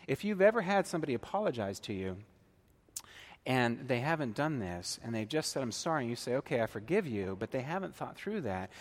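A male pastor delivers a sermon in an easy, conversational way, often pausing to check that his listeners follow. His voice sits at an ordinary middle pitch, and a long reverb from a large church hall trails after his words.

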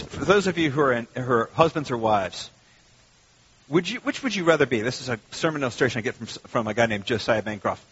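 Middle-aged male pastor, fairly high husky voice, lively sermon delivery, dull lo-fi recording. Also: quick pace. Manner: animated, conversational preaching with sudden loud mock outbursts.

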